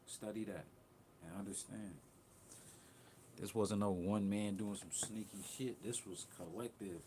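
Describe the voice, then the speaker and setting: A man's voice: fairly low pitch, steady tone, a little slow, dark tone, a little hiss or hum. A young man talking bluntly and profanely in a rambling livestream rant, jumping between thoughts. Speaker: livestream host.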